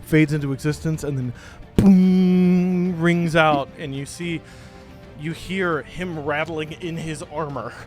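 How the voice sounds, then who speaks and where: Animated game master, fairly high voice. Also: male voice, unhurried, soft background music. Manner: animated storytelling. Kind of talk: narrating a tabletop game.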